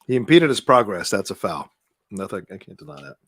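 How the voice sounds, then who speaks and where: A man with a gravelly, fry-edged voice hosts a live match watchalong, swinging his pitch widely as he reacts to each play. He is excitable and laughs often. The sound is dry and close, with no room around it. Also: brisk, no echo. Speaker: watchalong host.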